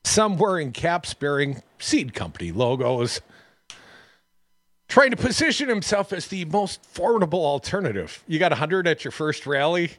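A man's voice: on the high side, sing-song, moderate pace, fairly bright tone, no room sound. A man hosting a radio show, reading news stories and cutting in with sarcastic asides. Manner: sarcastic, wisecracking. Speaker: radio host.

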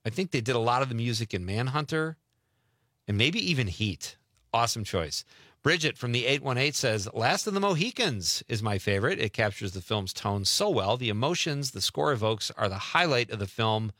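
A middle-aged man hosts a radio call-in show in a bright, forward voice, and his pitch jumps around a lot as he talks. He chats casually, laughs often and reads out listener messages. The sound is dry and close. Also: expressive, normal speed, dry recording. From Wisconsin.

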